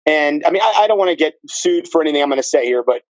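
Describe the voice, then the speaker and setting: A man guest on a podcast, telling stories in casual, profane, animated chat. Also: a little high, very fast, muffled recording.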